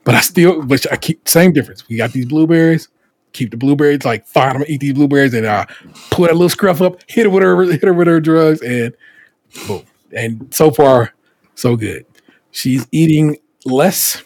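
A male podcast host telling stories in a casual, animated way, swearing freely and slipping into quick acted lines. His voice is husky and breathy. The sound is dry and close. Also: fairly high pitch, no echo. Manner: animated storytelling with profanity and acted quotes.

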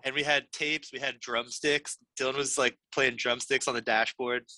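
A man's voice: mid-range voice, fairly even intonation, moderate pace, sharp tone, dry recording, rough recording. A young man co-hosting a podcast, chatting eagerly with friends and showing off his things. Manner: enthusiastic, show-and-tell, says "like" a lot. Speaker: podcast co-host. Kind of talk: casual chat among friends.

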